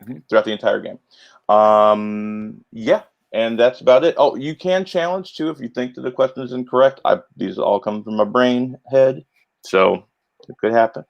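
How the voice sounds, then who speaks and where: A man's voice: mid-range voice, fairly even intonation, moderate pace, gravelly. A man hosting a casual livestream trivia game, chatty and upbeat with announcer-style hype and many fillers, over muffled lo-fi audio. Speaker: trivia game show host.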